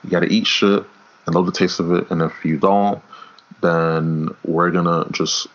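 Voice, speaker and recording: Very low-voiced guy rambling on a podcast, trips over words, swears a lot, muffled lo-fi audio. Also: steady tone, normal speed. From New York. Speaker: podcast co-host. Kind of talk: casual wrestling talk. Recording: dull lo-fi audio.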